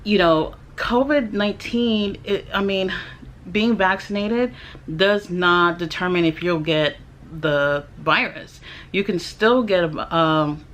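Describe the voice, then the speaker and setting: A woman's voice: lowish voice, slow, a bit bright, a little hiss or hum. Young woman vlogger, candid storyteller, blunt and indignant, swears freely. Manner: chatty, with many fillers and restarts. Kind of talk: personal storytelling to camera.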